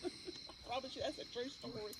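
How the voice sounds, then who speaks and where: An older woman from Alabama with a Southern US accent, telling an animated story in casual chat. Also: on the high side, moderate pace. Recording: noisy outdoor recording.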